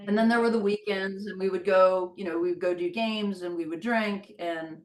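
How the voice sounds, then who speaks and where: A middle-aged woman recalling her college rugby days, telling stories in a relaxed, unhurried way. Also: medium pitch, poor audio. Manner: relaxed, unhurried storytelling, drops softer at line ends. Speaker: interview guest, former college rugby player. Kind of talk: casual reminiscing conversation.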